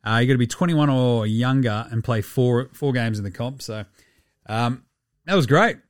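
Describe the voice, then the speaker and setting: An Australian man hosts a casual sports podcast in an animated, profane, rambling way, swearing freely and laughing at his own jokes. His mid-range voice moves at a moderate pace, recorded in studio quality with no echo.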